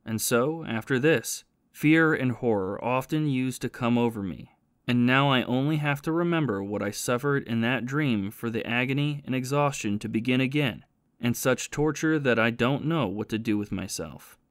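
Remorseful ex-soldier and thief confessing his past, read by a man, steady and plain, dry booth sound. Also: medium pitch, normal speed, dry recording, natural voice. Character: remorseful former soldier and thief, haunted by guilt.

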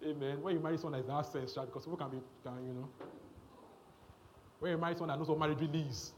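A man's voice: fairly high pitch, fairly even intonation, racing, slight background noise. A man preaching a sermon, emphatic and repetitive, often checking in with the congregation.

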